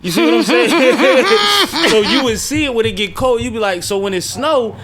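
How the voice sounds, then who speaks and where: A man's voice: extremely high pitch, expressive, moderate pace, a loud crowd. A man in casual podcast chat, telling rambling stories in a laid-back way.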